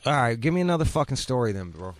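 A man hosting a show, talking in a casual, profane way that rises into loud outrage. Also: mid-range voice, fast, faint music behind. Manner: animated, swearing, rising into loud outrage. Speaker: show host.

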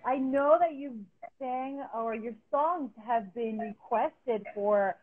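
A woman's voice: fairly high pitch, slow pace, slightly rough, phone-quality sound. A woman hosting a casual interview on a phone video call, encouraging and eager, and reading her questions from notes. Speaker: host, interviewer. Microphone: phone on a live video call.

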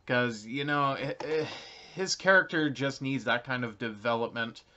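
A man's voice: mid-range voice, moderate pace, bright, forceful tone. A young Canadian man casually explaining something to his viewers, rambling with lots of ums and uhs. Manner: rambling, many ums and uhs, light chuckles. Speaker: channel creator. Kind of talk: casual talking-to-camera explanation. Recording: slightly dull lo-fi recording.

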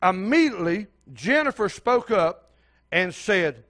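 A man's voice: sits high, expressive, moderate pace, fairly bright tone. An older man preaching a sermon as pastor, telling a story and speaking straight to the congregation.

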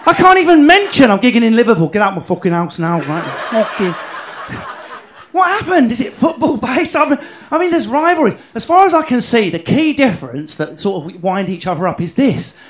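A man doing a stand-up comedy set in a comedy club, brash and sweary, telling animated stories. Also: extremely high pitch, brisk.

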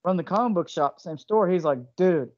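A man co-hosting a casual podcast interview, with a high voice and an animated, slangy way of telling stories. The sound is dull and lo-fi. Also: brisk, no echo. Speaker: podcast co-host.

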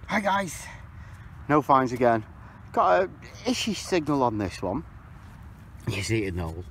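A chatty man narrates his metal detecting from an open field. His pitch swings widely and leaps up when he gets excited. Faint outdoor noise sits behind him. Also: vocal fry. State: out of breath. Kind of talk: casual outdoor commentary to camera.

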